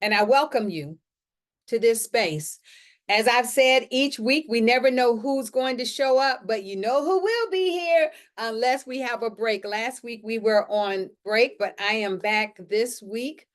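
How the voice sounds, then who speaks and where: A woman's voice: fairly high pitch, a little slow. A woman hosting a publishing Q&A live stream from her home, talking in an upbeat, motivational way and often repeating her phrases. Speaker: host of a publishing Q&A show. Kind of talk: casual live-stream talk. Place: indoors at home.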